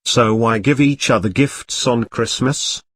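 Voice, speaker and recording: A man's voice: medium pitch, measured pace, a bit bright, no echo. Brief: polite, earnest boy wizard, voiced by a man, dry close recording. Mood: curious.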